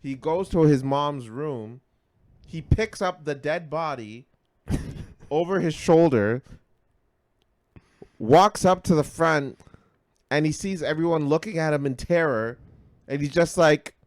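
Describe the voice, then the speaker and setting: Smooth-voiced podcast guy telling a wild story, loud then mumbly, swears a lot. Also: a little high, takes it slowly, long pauses, dry recording, studio quality. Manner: animated, profane, swings between loud and mumbled. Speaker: podcast co-host. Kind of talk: casual storytelling chat.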